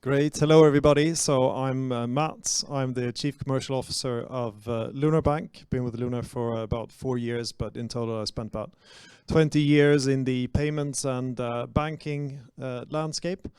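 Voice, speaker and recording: A man's voice: mid-range voice, fairly even intonation, normal speed, a little mellow, clear, resonant tone, no echo, studio quality. A man introducing himself as a bank executive on a conference panel, upbeat and salesy with frequent fillers. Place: stage at a fintech demo day event.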